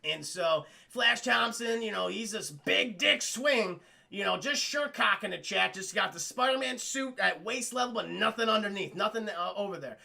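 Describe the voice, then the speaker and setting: Gravelly, high-voiced young man swearing through a recap. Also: normal speed, few pauses, sharp tone. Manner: rambling, swears constantly, keeps addressing chat. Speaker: streamer reviewing a cartoon. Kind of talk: casual profane recap to live chat.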